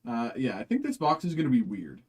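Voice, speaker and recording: A man's voice: medium pitch, wildly swooping pitch, a little fast. A man with an ordinary mid-range voice hosts a live card break. He chats casually and rambles, with plenty of fillers and restarts. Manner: chatty, rambling, lots of fillers.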